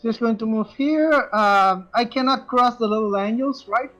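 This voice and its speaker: High-voiced excitable male player. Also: moderate pace, rough recording. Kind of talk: casual tabletop game play.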